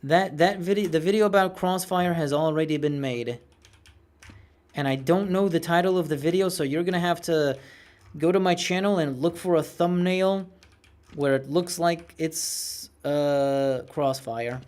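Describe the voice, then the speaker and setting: A man's voice: fairly high pitch, a little slow, darkish tone. A man in his late twenties with a youthful-sounding voice, streaming a game, chatting casually and ranting with frequent swearing. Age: late 20s. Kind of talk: casual gameplay chat, reading viewer messages.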